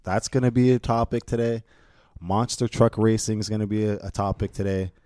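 A young Canadian man co-hosting a casual podcast, animated and ranting, swearing often. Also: fairly low pitch, fairly quick, no room sound, clean studio sound. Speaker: podcast co-host.

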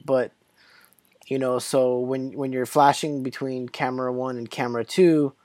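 A man's voice: mid-range voice, level tone, moderate pace, a little mellow, no echo. A man in a casual chat, chatty and self-deprecating, laughing often as he talks. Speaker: documentary subject and guest.

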